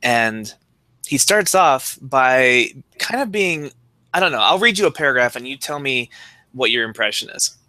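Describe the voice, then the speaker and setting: Young man, podcast co-host, bright voice, dry close sound, wry and measured. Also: mid-range voice, lively intonation, no echo. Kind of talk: casual chat, reading aloud.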